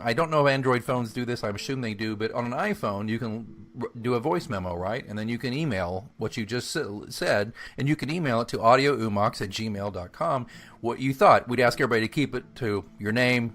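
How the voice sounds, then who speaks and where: A man co-hosting a casual podcast, talking in excitable, rambling bursts. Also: mid-range voice. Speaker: podcast co-host.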